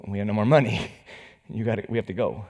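A man preaching as a pastor, telling a personal story with emotion, moving from hushed words to forceful emphasis. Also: on the low side, fast, husky. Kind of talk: sermon storytelling. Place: church stage. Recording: reverberant hall.

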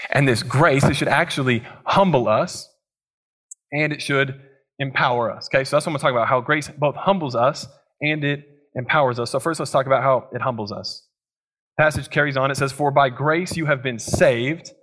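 A young man preaches in a church in an easygoing, conversational way, as if telling stories to friends. His voice sits in a middle register and moves between energetic bursts and quieter, slower moments. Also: medium pitch. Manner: conversational, animated storytelling with asides. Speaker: pastor. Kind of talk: sermon.

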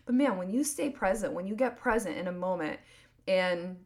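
A woman's voice: medium pitch, animated, moderate pace. A woman in her thirties hosting a solo podcast, talking earnestly and rambling, full of "like" and restarts. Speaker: podcast host. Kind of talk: casual solo podcast monologue.

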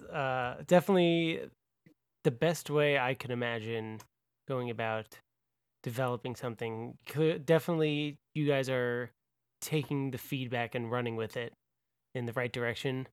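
A man's voice: mid-range voice, moderate pace, clear, resonant tone, no room sound, clean studio sound. Easygoing male podcast host. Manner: easygoing, self-deprecating. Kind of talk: casual interview chat.

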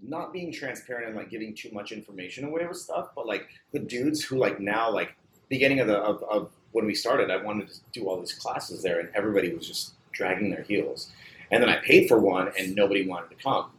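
A barbershop owner who trains an apprentice chats casually in a lowish, fairly bright voice, speaking a little fast. His talk is loose and profane, full of filler. The recording is roomy, with faint ambience and slight background noise.

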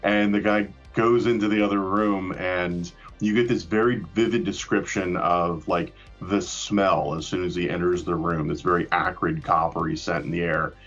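Man, husky, fairly low voice, rambling casual chat, swears, dull lo-fi sound, faint music behind. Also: fairly even intonation, normal speed, hardly any pauses, a bit bright. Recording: dull lo-fi recording.

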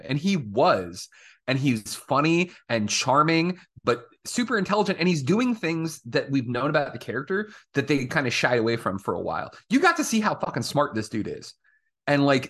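A man co-hosting a fan podcast, chatting excitedly and swearing freely. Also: on the high side. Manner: excitable, swearing, acts out characters in quotes. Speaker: podcast co-host. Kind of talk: casual fan chat.

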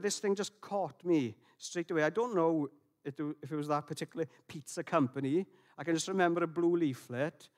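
Gentle higher-voiced man preaching. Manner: reflective, gentle, with frequent restarts and fillers. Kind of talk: sermon.

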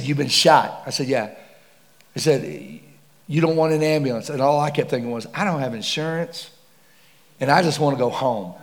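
A man preaching with dramatic storytelling, swinging from hushed to loud and excited. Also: mid-range voice. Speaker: pastor. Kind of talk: sermon storytelling. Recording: long hall reverb.

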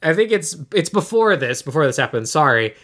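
A man with a slightly high, fairly bright voice talks a little fast and very animatedly. He's a loose, rambling podcast co-host recapping a movie plot in casual chat, full of "like"s and restarts.

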